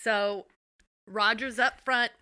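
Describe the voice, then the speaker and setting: A woman co-hosting a podcast, telling an episode's story in an animated, profane way. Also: a little high, takes it slowly, smooth, no echo, clean studio sound. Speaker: podcast co-host. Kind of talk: casual episode recap.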